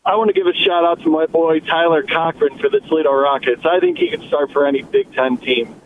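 A man's voice: a little high, lively intonation, fairly quick. A man calling in to a sports radio show, ranting in a fired-up way. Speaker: caller. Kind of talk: call-in radio chat. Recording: tinny phone line with faint noise.

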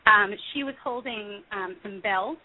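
A woman's voice: medium pitch, a little slow. Woman, music therapist guest, earnest and thoughtful, frequent ums, tinny phone audio. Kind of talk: conversational interview over the phone.

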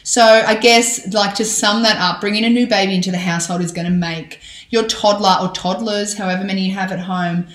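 A woman in her thirties, a parenting podcaster, giving advice in an animated, chatty conversational interview full of fillers and restarts. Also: medium pitch, brisk, hardly any pauses. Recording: roomy echo.

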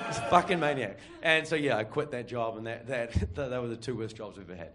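A man's voice: medium pitch, expressive, quick pace, hardly any pauses, background noise. Rambling New man telling a story. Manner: rambling, laughing, full of fillers; acts out other people's voices. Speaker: storyteller at a live show. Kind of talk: live storytelling to an audience.

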